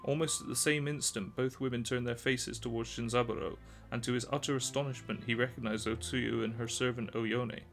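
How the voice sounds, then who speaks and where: A man narrating an old tale in a measured, calm reading. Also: medium pitch, gravelly, faint music behind. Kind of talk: storybook reading.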